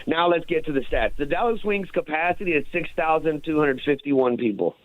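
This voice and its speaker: A man's voice: fairly high pitch, a little fast, no echo. A man calling in as a regular radio guest, talking bluntly and casually with lots of "dude" and "man". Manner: blunt, slangy, peppers talk with "dude" and "man". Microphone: phone. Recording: tinny dry phone line.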